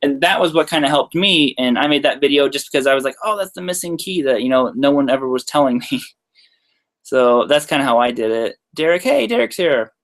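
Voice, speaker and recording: A man's voice: mid-range voice, brisk, a bit bright, faint music behind. Laid-back young man chatting. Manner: laughs lightly mid-sentence. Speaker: guitarist answering viewer questions. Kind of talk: casual live-stream Q&A.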